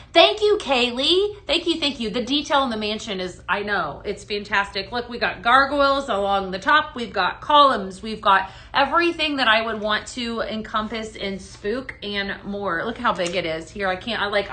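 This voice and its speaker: A woman's voice: fairly high pitch, pushed and bright. A woman hosting a live-stream product demo, chatting and greeting viewers by name. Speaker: live shopping host.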